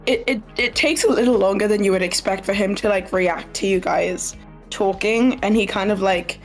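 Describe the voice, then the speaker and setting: A woman running a tabletop game, describing places and characters in a measured narrating voice at a middling pitch. Soft music plays under her. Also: steady tone, low-quality recording. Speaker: game master.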